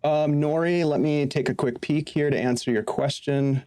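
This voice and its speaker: A man narrating a tabletop game as game master in a casual, halting way, often restarting his sentences. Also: a little high, fairly even intonation, mellow, no room sound, clean studio sound, soft background music.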